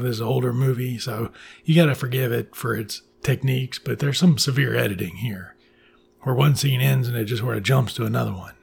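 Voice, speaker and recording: Man, film recap vlogger; heavy vocal fry, very raspy tone, loose and profane delivery. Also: mid-range voice, darkish tone. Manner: loose, profane, rambling retelling. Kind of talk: casual movie recap and review.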